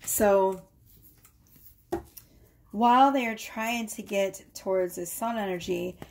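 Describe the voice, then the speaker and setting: A woman talks through a tarot spread in a relaxed, chatty way. She fills her speech with little fillers and checks in with her listeners. She records from a home workroom, with faint noise under her voice. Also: medium pitch, slow pace. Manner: chatty, many fillers and tag questions. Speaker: tarot reader. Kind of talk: casual tarot reading to camera.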